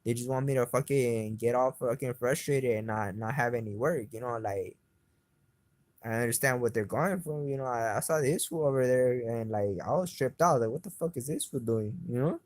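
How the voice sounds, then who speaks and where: A man's voice: medium pitch, normal speed, no echo. A man telling his story in a rambling, profane way, full of fillers and dropping into Spanish words as he goes. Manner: agitated, keeps retelling his frustration. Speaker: interviewee recounting events. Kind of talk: casual spoken monologue.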